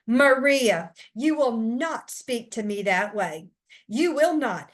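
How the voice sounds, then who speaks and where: A woman's voice: fairly high pitch, lively intonation, takes it slowly. A woman voicing a stern female teacher who scolds a child sharply. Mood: scolding.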